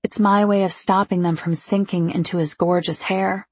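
A woman with a husky, gravelly voice narrating a first-person novel in an intimate, confiding way. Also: medium pitch, steady tone, normal speed, a little mellow, no echo. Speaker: audiobook narrator.

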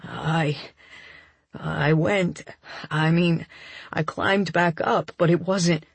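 A woman doing a soft-spoken, guilt-ridden young man. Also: fairly even intonation, gravelly, husky, dry recording, exaggerated voice. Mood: soft, earnest. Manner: soft, halting, low-key.

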